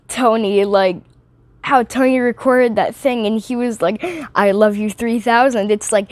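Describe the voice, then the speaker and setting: A woman's voice: on the high side, no echo. A teenage girl rambling and giggling through a casual movie review vlog, often drifting off topic.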